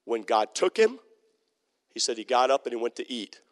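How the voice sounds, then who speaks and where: A man's voice: medium pitch, big pitch swings, normal speed. A man preaching with emphatic, repetitive phrasing and a mid-range voice. He keeps stopping to check in with the congregation, pressing his points home. His voice rings out with a long reverb tail, as in a large church sanctuary. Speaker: pastor. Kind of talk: sermon.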